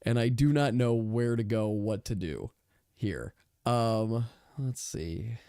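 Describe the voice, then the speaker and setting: A man's voice: medium pitch, lively intonation, takes it slowly, dark tone, clean tone, no echo, studio quality. A man in his thirties chatting casually on a gaming stream, rambling and joking at himself as he plays. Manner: rambling, self-mocking, talks to himself while playing.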